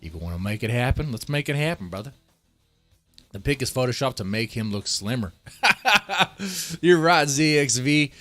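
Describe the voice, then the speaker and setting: A man's voice: mid-range voice, expressive, normal speed, fairly bright tone, no echo, faint music behind. A man in his thirties live-streaming, chatting loosely and joking in an exaggerated put-on Southern drawl. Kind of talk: casual live-stream chat.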